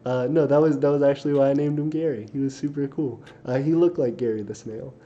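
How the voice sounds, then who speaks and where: Reading chat at a quick pace, this dark-voiced young host has a medium pitch and a rambling style full of fillers and self-corrections. It's a casual livestream where he reads viewer comments out loud, captured in dull lo-fi audio with faint hiss.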